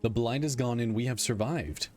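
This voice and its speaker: A man's voice: mid-range voice, darkish tone, soft background music, lightly acted. A man reading out a weary, candid god-king. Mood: solemn. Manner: reads text aloud in a plain measured voice.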